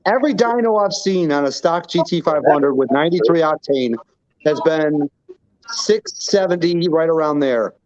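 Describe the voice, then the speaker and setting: A man joining a live stream as a guest, relaxed and going into detail about car specs. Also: fairly high pitch, normal speed, no room sound. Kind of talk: casual chat. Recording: dry lo-fi stream audio.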